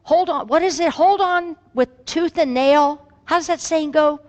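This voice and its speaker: A woman pastor giving a gentle, reflective sermon and telling a story to her congregation. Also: high voice, a little slow. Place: church sanctuary. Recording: long reverb in a hall.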